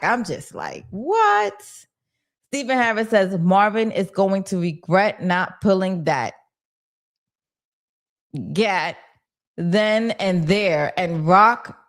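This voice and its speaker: Animated woman chatting on a livestream. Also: mid-range voice. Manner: animated and slangy, talks back to chat. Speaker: host of a TV recap livestream. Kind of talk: casual livestream chat reading viewer comments.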